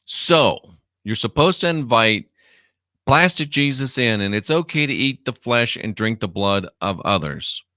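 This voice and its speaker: A man's voice: mid-range voice, expressive, a little slow, pushed and bright, no room sound, clean studio sound. A man who used to be a minister hosting a livestream, drawling sarcastically while he reads viewer comments aloud. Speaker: online show host, former minister. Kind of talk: livestream commentary reading chat.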